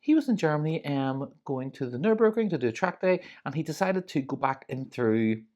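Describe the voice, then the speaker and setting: A woman's voice: sits low, lively intonation, a little fast, dark tone. A woman co-hosting a podcast, telling stories in a chatty way with many asides. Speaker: podcast co-host. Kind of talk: casual chat.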